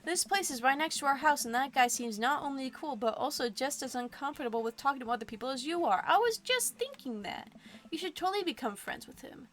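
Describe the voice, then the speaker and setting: A woman's voice: high-pitched, lively intonation, a little fast, a bit bright, voice pushed up. Woman doing a pushy, upbeat teenage daughter. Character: teenage daughter, bossy and encouraging.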